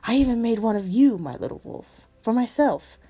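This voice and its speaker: A woman's voice: on the high side, expressive, normal speed, husky, voice pushed up. A woman doing a tender male demon lover. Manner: soft, tender, sometimes whispered. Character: gentle male demon lover saying goodbye.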